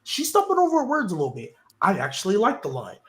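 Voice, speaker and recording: A man hosting a casual wrestling podcast, his fairly high voice swinging widely in pitch as he rambles through his opinions. He restarts his sentences often and keeps the delivery animated and chatty. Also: quick pace. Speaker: podcast host.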